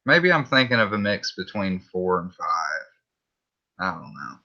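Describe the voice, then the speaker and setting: A man's voice: deep voice, sing-song, measured pace, gravelly, bright, forceful tone, dull audio. A man with a Southern US accent chatting casually on a livestream, laid-back and swearing freely.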